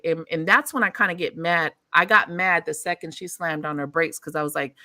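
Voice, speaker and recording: A woman hosting a casual chat, telling stories in an animated, profane way and laughing often. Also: sits low, a little fast, hardly any pauses, no echo, studio quality. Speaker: host.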